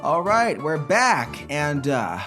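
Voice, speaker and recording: A man's voice: on the high side, sing-song, takes it slowly, music in the background. A man co-hosting a comedic history podcast, telling the story in a playful, mock-exasperated way. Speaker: podcast co-host.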